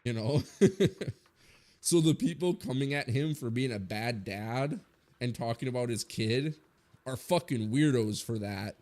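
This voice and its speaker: A man's voice: mid-range voice, normal speed, darkish tone. A man in his twenties giving a blunt, rambling opinion rant full of swearing, as a streamer talking to his viewers.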